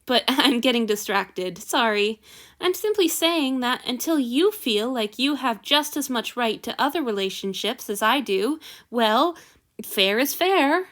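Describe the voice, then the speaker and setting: A woman reading the lines of a gentle, affectionate male god lord in a soft, tender, teasing way. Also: on the high side, expressive, a little slow.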